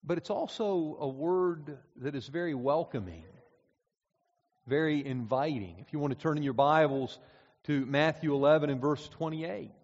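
A man preaching a sermon, measured and deliberate, slowing down to stress key words. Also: fairly high pitch, darkish tone. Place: church auditorium. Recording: dull recording in a reverberant hall.

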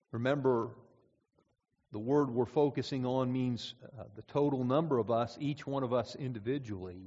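A man preaching a sermon, measured and deliberate, slowing down to stress key words. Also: mid-range voice, dark tone, breathy edge. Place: church auditorium. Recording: dull recording in a reverberant hall.

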